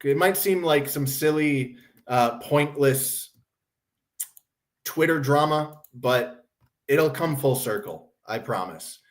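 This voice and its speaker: A man's voice: on the high side, expressive, takes it slowly. A man hosting a casual commentary stream, talking bluntly with a sardonic, profane edge. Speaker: host.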